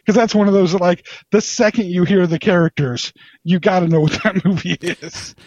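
Brief: playful, emphatic trivia co-host, man, high voice, dry lo-fi recording. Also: steady tone, brisk, a little mellow, dry recording. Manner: joking, emphatic, playfully combative. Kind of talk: casual trivia chat.

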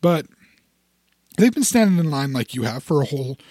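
A fairly high-pitched man talks through an idea in a relaxed podcast chat. He restarts his phrases, repeats words and builds everyday scenarios to make his point. The sound is dry and close, with no room around it. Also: moderate pace, dry recording. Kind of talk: casual explanatory chat.

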